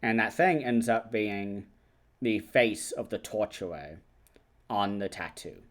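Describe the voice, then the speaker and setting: A man with a slightly low voice talks through a film's plot in a casual, rambling way. He fills pauses with frequent ums and likes, and drops into quick impressions of the characters' lines. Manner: loose, chatty retelling with many fillers. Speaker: film review channel host. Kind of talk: casual film recap and review.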